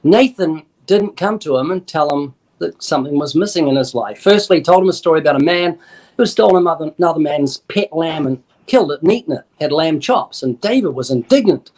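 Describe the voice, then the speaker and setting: A man's voice: on the high side, lively intonation, brisk, a little mellow. A man being interviewed as an evangelist, explaining in an earnest, emphatic preaching style and acting out little dialogues. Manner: earnest, emphatic, quotes scripture and acts out dialogue. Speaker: evangelist guest.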